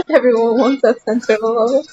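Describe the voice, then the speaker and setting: A young woman streams a game from her sofa at home, chatting casually with her viewers. Her voice sits high and bright, and she answers chat aloud with a playful, defensive streak. The talk stays loose and unscripted. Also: normal speed, muffled recording, a little hiss or hum. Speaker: gaming streamer.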